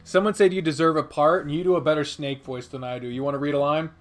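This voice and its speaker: A man's voice: on the high side, fairly even intonation, fast, soft background music. A man hosting a casual game playthrough, joking, swearing and laughing often as he reads. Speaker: let's play host.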